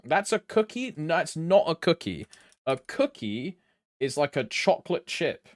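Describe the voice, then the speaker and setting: A young British man streams a game, chatting loosely with viewers in a fairly high voice with big pitch swings. He's unhurried, rambling and swearing casually, and the recording is dry.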